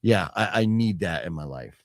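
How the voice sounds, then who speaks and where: A man's voice: low-pitched, expressive, normal speed, dry recording, clean studio sound. A man hosting a casual chat about a movie haul, rambling with restarts and reading chat comments aloud. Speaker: show host.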